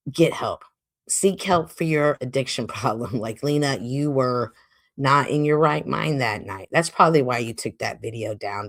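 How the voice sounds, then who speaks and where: A woman livestream host lays into her critics with profane sarcasm. Her pitch swings widely and sits somewhat low. The sound is dry and close. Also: no echo. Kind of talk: heated livestream commentary.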